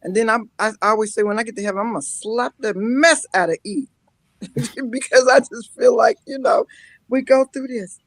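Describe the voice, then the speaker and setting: A woman guest on a live-streamed talk show, telling lively personal stories with frequent laughter and mock-scolding asides. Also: on the high side, normal speed, no echo, low-quality recording. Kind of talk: emotional casual talk-show chat.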